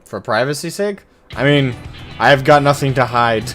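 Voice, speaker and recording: A man's voice: mid-range voice, measured pace, a bit bright, soft background music. A man streaming a game, chatting casually and self-mockingly with viewers. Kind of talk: casual gameplay commentary.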